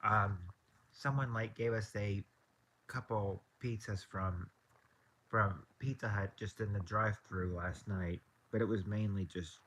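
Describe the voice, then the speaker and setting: A man's voice: on the low side, steady tone, unhurried, a bit bright, slight background noise. A young man, casually chatting on his livestream and often repeating himself as he talks. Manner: easygoing, repeats and restarts phrases. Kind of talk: casual chat.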